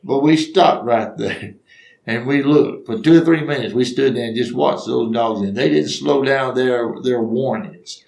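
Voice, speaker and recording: A man's voice: mid-range voice, measured pace, vocal fry, darkish tone, reverberant. An older man telling funny personal stories in a folksy way, acting out the voices. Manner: folksy, acts out voices, laughs at his own stories. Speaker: storyteller. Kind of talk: humorous personal storytelling.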